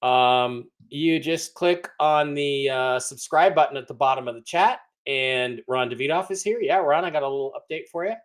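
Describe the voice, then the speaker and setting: A man hosts a relaxed livestream in a medium-pitched voice at a moderate pace, barely pausing at all. He greets viewers by name and rambles, restarting often and teasing with mock hurt.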